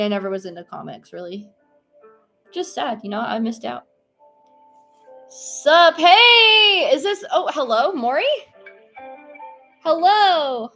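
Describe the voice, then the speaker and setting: A young woman streamer chatting casually and playfully with her viewers while she paints pumpkins. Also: a little high. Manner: chatty and playful, reacting to chat.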